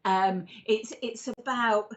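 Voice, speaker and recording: A woman's voice: fairly high pitch, steady tone, slow pace. A woman who is a psychic medium and regression therapist, giving card readings in a chatty, rambling, affectionate way and calling people darling. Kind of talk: live-stream card readings and chat.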